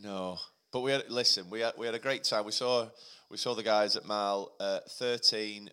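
A man's voice: fairly low pitch, fairly even intonation, moderate pace, sharp tone, clean tone. A man co-hosting a podcast, enthusiastic and laughing, often repeating and restarting his phrases. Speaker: podcast co-host. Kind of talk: casual chat.

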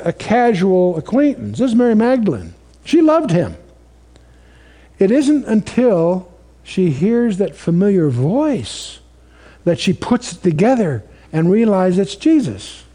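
Guy preaching to a crowd, high pitched but soft and mellow, tells it like a story. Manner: conversational storytelling, asks the audience questions. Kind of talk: sermon.

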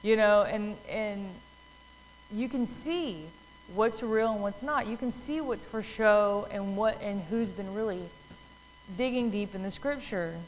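A woman's voice: medium pitch, measured pace, big-room sound, a little hiss or hum, low-quality recording. Chatty woman telling a Bible story. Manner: chatty storytelling with many fillers, acting out voices. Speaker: Bible teacher. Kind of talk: casual Bible talk.

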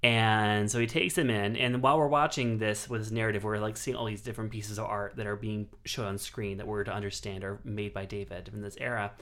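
A man's voice: on the low side, steady tone, fairly quick, few pauses, fairly bright tone. Man reviewing films in rambling chat. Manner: enthusiastic, rambling, many restarts. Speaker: guest film critic.

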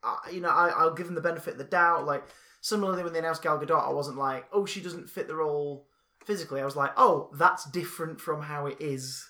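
A man co-hosting a casual podcast, rambling and animated, often restarting his sentences. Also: a little high, fast. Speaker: podcast co-host. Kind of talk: casual comics chat.

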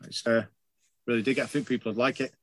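A man's voice: mid-range voice, fairly even intonation, fast. A man chatting casually on a podcast, rambling and enthusiastic, swearing freely. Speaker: podcast co-host.

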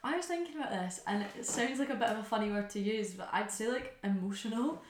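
A woman's voice: fairly high pitch, quick pace, slight background noise. A young Scottish woman with a Glasgow accent, chatting as a podcast guest and acting out quoted people. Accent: Glaswegian Scottish. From Scotland. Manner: animated, acts out quoted voices. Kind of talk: casual group chat. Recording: roomy echo.

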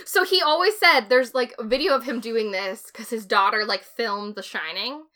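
A tipsy young woman hosting a podcast and telling a story in casual chat, animated, giggly and swearing freely. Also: on the high side, moderate pace. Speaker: podcast host.

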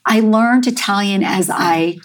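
An American woman, a chef and artist, telling her life story in an interview, halting and reflective with many fillers. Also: mid-range voice. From United States.

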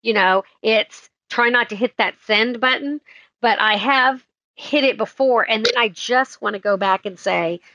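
Bright candid woman, lo-fi sound. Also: a little high, unhurried, dry recording. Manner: candid, self-reflective. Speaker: guest. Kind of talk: interview.

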